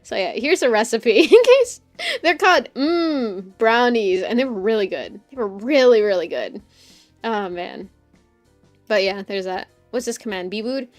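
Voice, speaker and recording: A woman streamer chatting casually with her viewers, her voice sitting a little high. She rambles from one topic to the next, laughs a lot and swears freely. Soft music plays underneath. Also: animated, measured pace. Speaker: streamer host. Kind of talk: casual live-stream chat.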